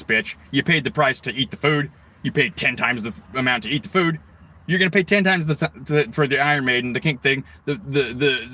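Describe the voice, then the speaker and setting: A man's voice: mid-range voice, pushed and bright. A middle-aged man from the United States hosting a livestream, ranting in a rambling, profane way, swearing heavily and jumping between tangents. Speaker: livestream host.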